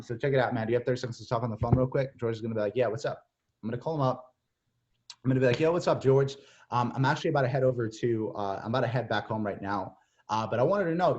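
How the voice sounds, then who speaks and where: A young man giving casual, energetic coaching as a mentor, slipping into playful acted-out phone chats with lots of "like" and "bro". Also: medium pitch. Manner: energetic, repeats "like" and "bro", acts out texts and calls. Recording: slightly dull lo-fi audio.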